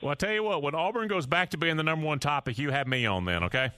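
A man's voice: fairly high pitch, animated, fast, sharp tone, clean tone, dry recording. A man hosting a sports radio show, casual and folksy as he asks his guest questions. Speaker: radio host.

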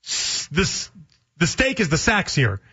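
A man's voice: high-pitched, huge pitch swings, measured pace, sharp tone, slightly rough. A man hosting a sports talk radio show, rambling through folksy analogies and chatting with callers. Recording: dull lo-fi radio broadcast sound.

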